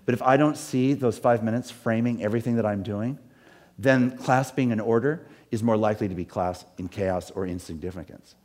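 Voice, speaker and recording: A man's voice: fairly low pitch, a little fast, a little mellow. A middle-aged man, a pastor, talking in an earnest, rambling way with many restarts. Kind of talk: reflective talk.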